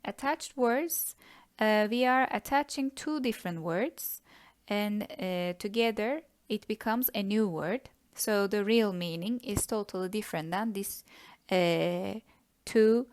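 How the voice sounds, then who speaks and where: A woman's voice: medium pitch, takes it slowly. A woman with a Turkish accent teaching a grammar lesson, patiently breaking words into syllables. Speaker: language teacher. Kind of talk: slow explanatory lesson.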